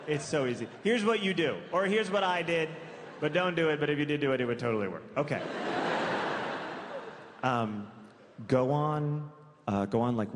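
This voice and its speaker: A man performing stand-up comedy, telling a story in a conversational way, stacking asides and self-corrections and delivering absurd details deadpan. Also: fairly high pitch, heavy background noise. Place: comedy club stage before a live audience. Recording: reverberant venue with crowd ambience.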